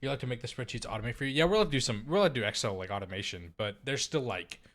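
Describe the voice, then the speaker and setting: A man's voice: medium pitch, animated, very fast, a bit bright. A young man streaming live and chatting casually through a cheap desk mic, rambling, repeating himself and laughing often.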